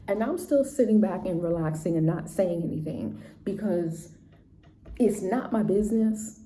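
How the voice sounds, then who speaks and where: A woman's voice: lowish voice, mellow. A woman teacher telling a classroom story in a chatty, casual way, often checking in with "right?" and "you know". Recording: roomy echo, faint background noise.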